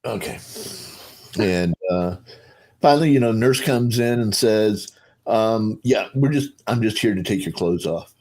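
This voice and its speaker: A middle-aged man with a fairly low voice tells a long story in a loose, rambling way, full of fillers and restarts. He acts out the other people in the story with sudden jumps in voice, then drops back to his plain speech. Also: expressive, unhurried, a little mellow. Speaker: panelist. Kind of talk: casual storytelling on a video call panel.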